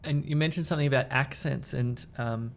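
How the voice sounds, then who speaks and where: A man co-hosting a casual discussion, relaxed and hesitant, with lots of fillers and restarts. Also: mid-range voice, fairly quick, vocal fry, slight background noise. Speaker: podcast co-host.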